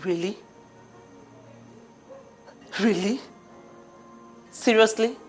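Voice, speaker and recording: A woman's voice: mid-range voice, extremely slow, faint music behind. An actress with a Nigerian accent playing a young woman scolding her friend. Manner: scolding, incredulous.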